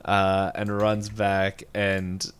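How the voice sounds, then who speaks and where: A man with a fairly low, smooth voice recaps a cartoon episode for a podcast. He rambles casually and pops into short voiced lines from the characters as he goes. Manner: rambling, animated retelling with quick voiced quotes. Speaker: podcast co-host.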